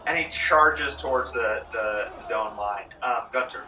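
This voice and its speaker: A man running a tabletop game as game master, telling the action with animated energy and shouting out the characters' lines. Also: mid-range voice, unhurried, few pauses, reverberant, distant mic, a little hiss or hum, low-quality recording. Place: large room, library program.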